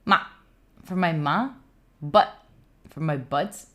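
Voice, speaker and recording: A young Italian woman speaks slowly in a low voice with a sharp tone and an Italian accent. Hosting a study live stream, she chats playfully with her viewers, pretending to be indignant and dropping in frequent fillers.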